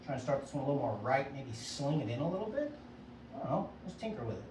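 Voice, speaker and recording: A man's voice: medium pitch, sing-song, fast, echoey room, far from the mic, heavy background noise. A man, a golf instructor, coaching casually and upbeat at a driving range, often checking in with "right?". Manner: upbeat, chatty, self-coaching with frequent "right?".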